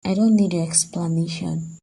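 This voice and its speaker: Woman doing a hurt young woman in a cartoon, raspy gravelly dark voice, low-ish. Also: fairly even intonation, moderate pace, rough recording. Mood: angry. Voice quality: husky, gravelly. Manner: accusing, distressed. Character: heartbroken young woman, betrayed fiancée. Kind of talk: cartoon voice acting.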